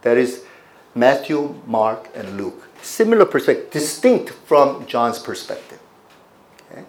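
A man's voice: medium pitch, very animated, measured pace, echoey room. A man pastor preaching a teaching sermon, putting questions to his congregation as he explains scripture.

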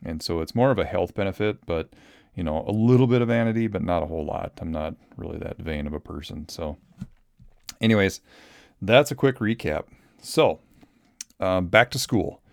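A man's voice: deep voice, expressive, normal speed, gravelly, dry recording, clean studio sound. A man in his thirties from Minnesota hosting a solo podcast, talking casually and rambling with lots of ums and restarts. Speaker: podcast host.

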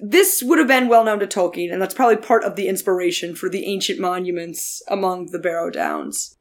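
A woman co-hosting a podcast, explaining lore in a quick, dryly sarcastic casual chat. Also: fairly low pitch, very animated. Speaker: podcast co-host.

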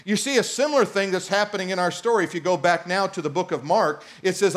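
High-voiced male pastor preaching. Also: moderate pace, hardly any pauses. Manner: animated, reads scripture aloud and jokes with the congregation. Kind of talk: sermon.

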